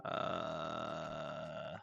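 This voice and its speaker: A man's voice: a bass voice, completely flat delivery, very slow, creaky, muffled recording, music in the background. A man streaming a game, rambling and joking in casual slang as he plays. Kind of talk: casual gameplay commentary.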